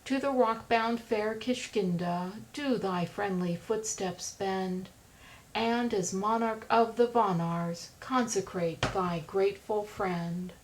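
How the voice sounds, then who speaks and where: A woman voicing a loyal male monkey chief in an audiobook, speaking in solemn measured verse. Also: mid-range voice, a little hiss or hum, lightly acted, rough recording.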